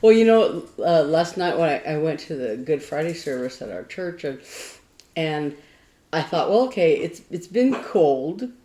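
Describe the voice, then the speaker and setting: Woman, very low voice, podcast co-host, meandering casual chat, echoey room. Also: lively intonation, unhurried, mellow.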